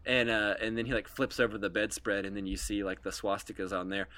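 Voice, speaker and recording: A man's voice: lowish voice, fairly even intonation, brisk, pushed and bright. A man co-hosting a casual podcast, rambling with lots of "like" fillers. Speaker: podcast co-host. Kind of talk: casual chat.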